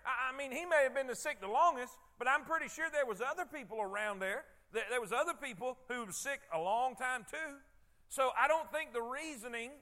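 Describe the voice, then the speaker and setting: A man's voice: extremely high pitch, pushed and bright. A man preaching a sermon in a conversational way, often repeating words and checking in with his congregation. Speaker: pastor.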